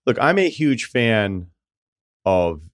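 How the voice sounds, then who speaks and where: A male podcast host with a low, deep voice that swings widely in pitch as he makes his points. He speaks emphatically and conversationally, and the sound is dry and close-miked. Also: sing-song, takes it slowly, no echo. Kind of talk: casual interview chat.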